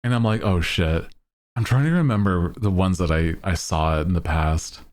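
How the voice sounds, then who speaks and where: A man's voice: deep voice, lively intonation, brisk, darkish tone. A man streaming, chatting casually and laughing often as he rambles.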